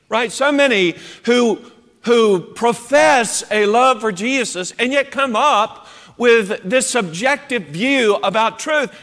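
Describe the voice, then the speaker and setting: A man preaching a sermon in an animated, emphatic way, acting out quoted voices as he goes. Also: sits high. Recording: long hall reverb.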